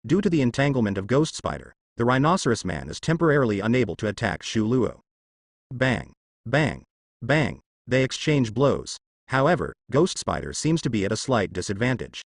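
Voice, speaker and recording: A man giving steady scripted narration of a translated web novel, reading sound-effect words aloud. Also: mid-range voice, moderate pace, gravelly, breathy edge, no room sound, studio quality.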